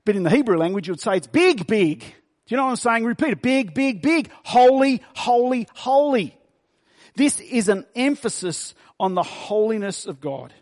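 A man preaching a sermon. He reads scripture slowly and stresses key words by repeating them. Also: sits high, big pitch swings. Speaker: pastor.

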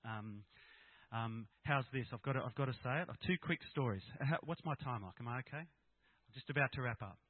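Speaking a little fast at medium pitch, this middle-aged Australian shares an honest, plain-spoken personal talk with a gathering of Christian fathers. The recording has no room sound and a tinny, dry, phone-like quality.

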